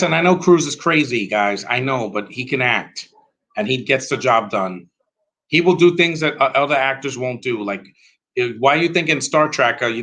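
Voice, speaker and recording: A man's voice: mid-range voice, sharp tone, low-quality recording. A man giving a rambling, blunt, opinionated live commentary while watching a movie at home.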